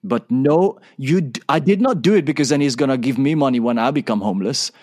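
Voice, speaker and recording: A man's voice: medium pitch, lively intonation, fairly quick, darkish tone. A man guesting on an interview show tells a story with energy. He acts out the conversation, switching between his own lines and the other person's.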